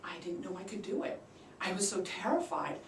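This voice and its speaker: A woman giving a prepared storytelling speech at a public speaking club. She acts out the quoted voices with big leaps in pitch and loudness. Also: big pitch swings, normal speed. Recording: roomy sound from a distant mic.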